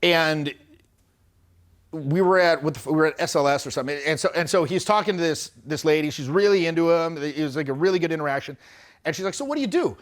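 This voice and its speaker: A man's voice: on the high side, a little fast. A middle-aged man coaching on social skills in a loose, chatty storytelling style, acting out the people he quotes and often restarting his sentences. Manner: animated, acts out quoted people with shifting voices. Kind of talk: casual storytelling lesson.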